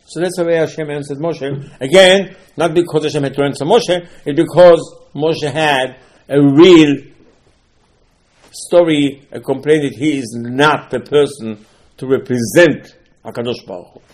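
A man giving a Torah sermon, telling stories and acting out the characters' dialogue. He swings between loud exclamations and hushed asides. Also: fairly high pitch, measured pace. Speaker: rabbi giving a Torah class. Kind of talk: animated Torah sermon with storytelling.

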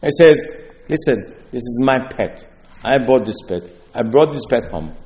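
A man's voice: medium pitch, animated, a little slow, a little mellow. A man with preaching a sermon, telling stories with asides and rhetorical questions. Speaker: rabbi. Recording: long hall reverb.

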